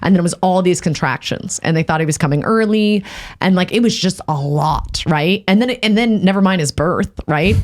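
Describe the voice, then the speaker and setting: A woman's voice: lowish voice, moderate pace. A woman in her thirties talking candidly and animatedly with her husband, laughing as she retells hard times. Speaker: podcast guest, host's wife. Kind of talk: casual conversational storytelling.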